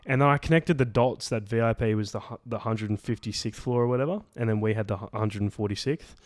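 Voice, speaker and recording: A man's voice: on the low side, fast talker, dry recording, studio quality. A young man, telling a travel story in a loose, rambling way, full of "like" and casual swearing, on a podcast. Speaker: podcast co-host. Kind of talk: casual chat.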